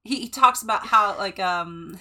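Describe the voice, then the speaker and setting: A woman's voice: mid-range voice, moderate pace, a crowd in the background. A woman co-hosting a book podcast, chatting casually with a snarky, giggly manner. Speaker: podcast co-host. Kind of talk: casual book-club chat.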